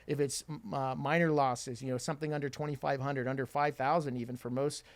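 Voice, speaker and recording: A man's voice: mid-range voice, flat delivery, brisk, no room sound. A middle-aged man, an insurance agency owner, talking as a guest on a podcast. He explains things at length and keeps adding "right?" to check in. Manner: explains at length, with frequent "right?" tag questions. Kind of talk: casual podcast conversation.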